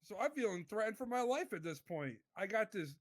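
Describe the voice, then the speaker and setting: A man's voice: high voice, big pitch swings, fairly quick, no room sound. A man playing a small-time crook who testifies in a roleplay court, earnest and rambling, forever turning back to the judge. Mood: pleading.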